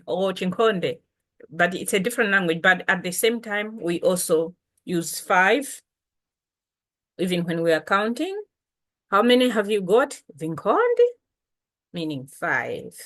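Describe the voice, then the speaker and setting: A woman teaching words of her language patiently, repeating each term slowly. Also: fairly low pitch. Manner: patient, explains slowly with repetition. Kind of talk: language lesson.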